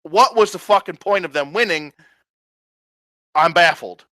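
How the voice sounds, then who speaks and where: A man's voice: high-pitched, animated, measured pace, bright, forceful tone, no room sound. A man ranting in a casual review, profane, sarcastic and exasperated. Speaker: wrestling reviewer.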